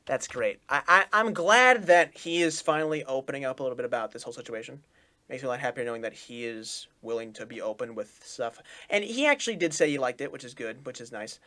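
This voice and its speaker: A man's voice: medium pitch, lively intonation, fast, sharp tone. Effusive man reacting to a cartoon. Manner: effusive, repeats his praise over and over; talks through restarts and stumbles. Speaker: reaction video host. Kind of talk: casual reaction commentary.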